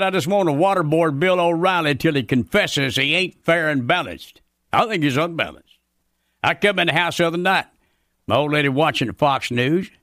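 Brief: a man voicing a grumpy redneck radio commentator, drawl, bright and forceful, rather high-pitched. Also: dry recording, clean studio sound. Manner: folksy, ranting, ungrammatical drawl. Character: loudmouthed folksy redneck male commentator, middle-aged, grumpy. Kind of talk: scripted radio comedy rant.

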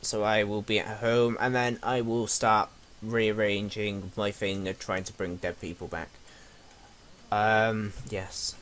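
A man's voice: lowish voice, level tone, slow pace, noisy background. A young man giving rambling, jokey let's play commentary and talking back to the game characters. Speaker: gamer.

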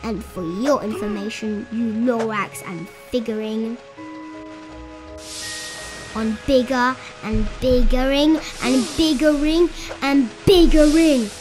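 A woman voicing a greedy, stubborn male factory owner who talks back in a low, muttering tone. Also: slow pace, music in the background. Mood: defiant.

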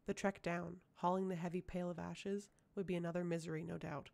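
A woman reading a fantasy audiobook aloud with a low, dark voice and plenty of gravelly fry. Her narration is measured and even. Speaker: audiobook reader.

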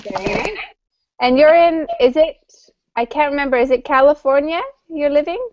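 A woman teaching English to adult learners over a video call, upbeat and chatty, laughing often and explaining slowly. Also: high-pitched, a little mellow, dry recording. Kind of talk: online class, friendly chat. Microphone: computer mic on a video call. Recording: dull lo-fi call audio.

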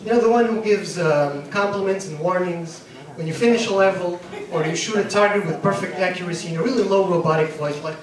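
A man performing a stand-up comedy set on a club stage, rattling off long deadpan lists. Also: high-pitched, crowd noise. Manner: rapid deadpan list delivery. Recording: echoey club from far off. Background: laughing audience.

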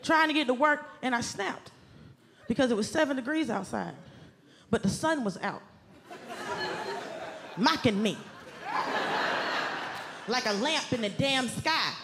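High-voiced woman doing stand-up. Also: measured pace, long pauses, noisy background. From Southern US, Atlanta. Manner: animated, exasperated, shouting punchlines and mimicking voices. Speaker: stand-up comedian. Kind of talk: stand-up comedy. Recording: club stage mic with loud crowd laughter. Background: audience laughter and ambience.

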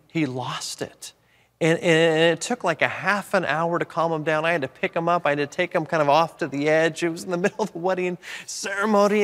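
Fairly high-voiced man in his forties, a pastor giving a sermon in a church with a long, ringing reverb. He tells his stories with lively energy, and his voice leaps up when he gets excited. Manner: animated storytelling, voice jumping up in pitch for excited moments. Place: church sanctuary.

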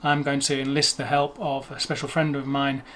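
A man's voice: medium pitch, monotone, normal speed, fairly bright tone. Chatty Englishman explaining pronunciation. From England. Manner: chatty, rambling, self-correcting. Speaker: language video host. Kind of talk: explaining to camera.

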